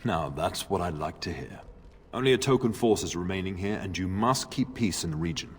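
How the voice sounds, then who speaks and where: A man's voice: low voice, animated, brisk, a little hiss or hum. An actor playing a jovial noble lord and father in a fantasy game, hearty and teasing. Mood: genial. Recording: game audio with reverb.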